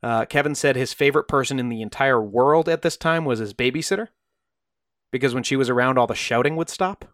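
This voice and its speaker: A man's voice: medium pitch, fairly quick, fairly bright tone, dry recording, studio quality. Man casually narrating a true crime story. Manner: conversational, acts out quoted voices in bursts. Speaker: podcast co-host telling a true crime story.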